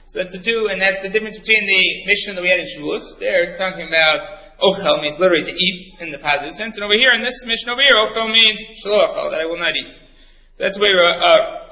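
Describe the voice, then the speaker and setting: A man leads a Talmud study lesson, explaining each term patiently and checking in with the listener as he goes. His voice sits high for a man. The sound is dull and lo-fi, with noticeable room echo. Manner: explains each term step by step, with frequent "right?" asides. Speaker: Talmud teacher.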